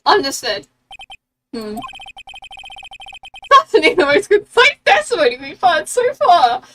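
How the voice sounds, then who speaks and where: A woman's voice: very high-pitched, huge pitch swings, takes it slowly, sharp tone, full character voice. A woman voicing a flustered elderly male judge in a game, speaking hesitantly with stammers, recorded a bit far from the mic with game music behind.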